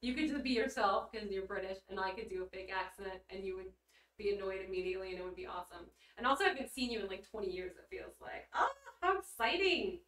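Woman streamer, crisp bright tone, giggly and blunt, roomy off-mic sound. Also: mid-range voice, fast. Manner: bubbly, giggly, blunt, swears casually. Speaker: livestreamer reading chat. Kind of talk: casual livestream chat. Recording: roomy echo, mic at a distance.

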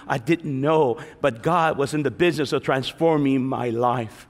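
A middle-aged man, preaching a lively sermon testimony as a pastor and acting out the voices in his story. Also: mid-range voice, moderate pace. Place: large church hall. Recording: reverberant church hall.

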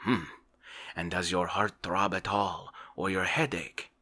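A brisk, bald little doctor hands down his verdict in a low, crisp voice in this whispered role-play, as a male reader voices him. He is matter-of-fact and decisive, with a dry, jesting edge. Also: steady tone, bright, forceful tone, heavily acted.

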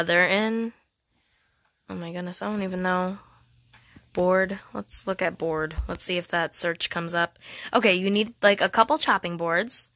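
A woman giving casual, excitable gameplay commentary, gushing and giggly as she thinks aloud. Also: lowish voice, dry recording. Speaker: gaming channel host.

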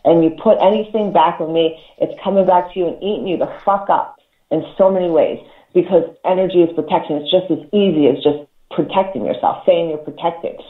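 A talk show host giving casual spiritual advice, emphatic and profane, repeating words and laughing between points. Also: medium pitch. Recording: echoey, tinny phone-like line.

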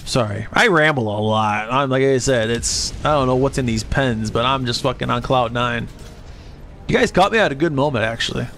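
A man's voice: animated, moderate pace, fairly bright tone. Rambling, profane man streaming a game. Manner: rambling, profane, jumps into high squeaky voices for quotes. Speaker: livestreamer. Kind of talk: rambling casual chat while gaming.

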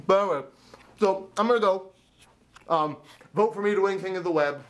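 A man's voice: high-pitched, normal speed. A man vlogging casually, telling a rambling story full of stammered restarts and self-deprecating asides.

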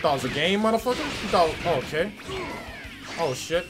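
A man casually commenting on his gameplay as channel host, excitable and profane, yelling when the fight heats up. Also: a little high, fast. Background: game music.

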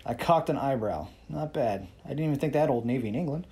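Guy reading his own-style novel out loud, dry sarcastic wisecracking tone, mid-pitched. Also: animated, fast, slightly rough. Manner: wry, sarcastic, boastful. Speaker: narrator. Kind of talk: first-person novel reading.

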